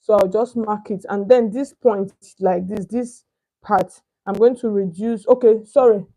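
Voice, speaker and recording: A medium-pitched, mellow voice with fairly even intonation moves a little slowly. Its owner, a young Nigerian sewing instructor, gives a chatty step-by-step lesson in pattern cutting, repeatedly asking "can you see?" and searching for words.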